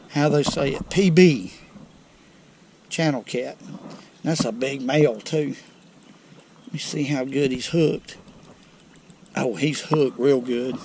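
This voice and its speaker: A man with a Southern US accent hosting a fishing vlog from a lake bank, folksy and excitable as he talks straight to viewers. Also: a little high, gravelly. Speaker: fishing channel host. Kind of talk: outdoor fishing vlog commentary. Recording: outdoor noise behind voice.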